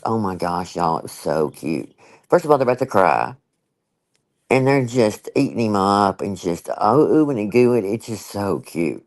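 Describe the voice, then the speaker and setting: Laughing often and full of asides, an older woman runs a casual live chat in an emphatic, talkative manner. She has a rumbling low, darkish voice, and the recording is rough.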